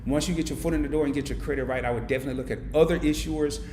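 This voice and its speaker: A man's voice: on the high side, fairly even intonation, racing, a little mellow, a little hiss or hum. Guy on a live stream reading out chat comments, roomy echoey sound. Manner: reads viewer comments aloud and answers them; emotional, heartfelt thanks. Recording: echoey room.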